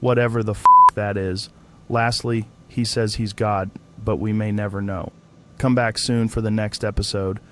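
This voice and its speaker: A man's voice: on the low side, fairly even intonation, normal speed, background noise. A man hosting a comedic interview sketch, sarcastic and profane with a mock-serious delivery. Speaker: host.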